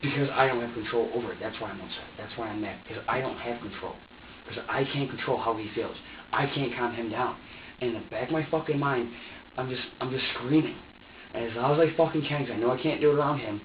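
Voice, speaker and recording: A man's voice: mid-range voice, fast, a little hiss or hum. A man in a police interrogation, talking in an agitated, profane rant. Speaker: suspect. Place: interrogation room. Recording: dull echoey room audio from a distant mic.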